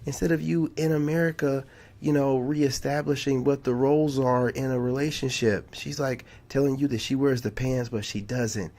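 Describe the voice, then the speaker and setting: Guy with a kinda raspy fry voice doing casual reaction commentary, slangy, keeps saying man. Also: medium pitch, fairly even intonation, normal speed, darkish tone. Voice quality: drawling, slangy, says "man" a lot. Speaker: YouTube reaction host.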